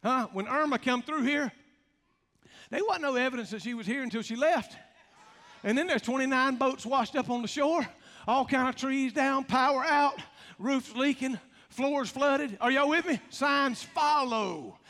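A man's voice: very high-pitched, unhurried, pushed and bright. A man preaching a folksy, emphatic sermon, joking and calling out to his congregation. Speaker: pastor. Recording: long reverb of a large hall.

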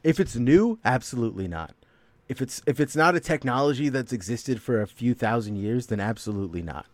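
A man's voice: mid-range voice, expressive, brisk, dry recording. A man chatting casually with friends, rambling with lots of fillers and frequent laughter. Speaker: podcast co-host. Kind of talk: casual group chat.

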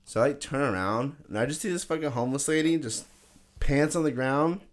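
A man's voice: medium pitch, a little fast. A young man chats with friends on a podcast, telling stories loosely and often breaking into laughter. His speech is full of swearing and slang, with a mid-range voice and easygoing pacing. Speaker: podcast co-host. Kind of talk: casual storytelling chat.

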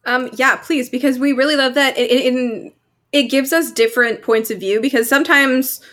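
Young woman, podcast co-host, casual chat, upbeat and filler-heavy, fairly high voice. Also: fairly even intonation, normal speed, fairly bright tone. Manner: chatty, enthusiastic, with many fillers. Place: Vancouver.

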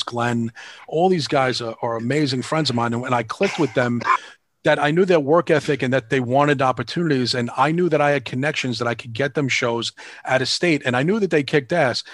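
A man's voice: mid-range voice, fairly quick, no echo. Frank rambling New man in his fifties. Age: 50s. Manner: rambling, frank and profane, acts out quoted dialogue. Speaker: band manager and promoter. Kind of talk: casual storytelling interview.

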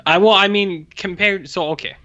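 A man chats casually as a podcast co-host, rambling through jokes and the odd curse. His voice is bright and forceful. The recording sounds a little muffled and lo-fi. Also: sits high, fairly even intonation, normal speed. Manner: rambling, jokey and profane. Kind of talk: casual chat. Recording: dull lo-fi sound.

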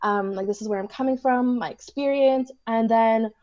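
A woman's voice: a little high, moderate pace, a little mellow, lo-fi sound. A woman from Canada, a podcast guest telling her story animatedly and laughing often. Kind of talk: casual storytelling in a podcast interview.

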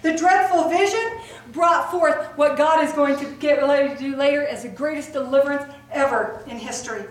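A woman preaching a lively sermon to a women's gathering, acting out the voices in the stories she tells. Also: high voice, moderate pace. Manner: animated, acts out voices in her retelling. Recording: echoey hall recorded from far off.

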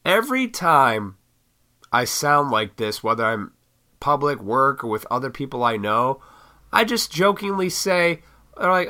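A man with a cold, his voice raspy, hosting a solo podcast and ranting in a heated, profane way. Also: a little high, lively intonation, measured pace, bright, forceful tone. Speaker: podcast host.

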